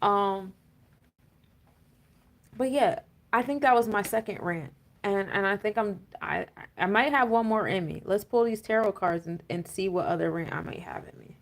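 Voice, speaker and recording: A woman's voice: mid-range voice, moderate pace. A woman giving a casual, rambling astrology and tarot talk, full of fillers and laughing rants. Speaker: spiritual coach and tarot reader.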